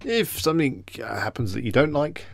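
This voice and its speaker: English male streamer, mid pitch, dry close sound, casual chatty delivery. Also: big pitch swings, brisk, gravelly, dry recording. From England. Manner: chatty, greets viewers by name. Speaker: live stream host. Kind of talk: casual live stream chat.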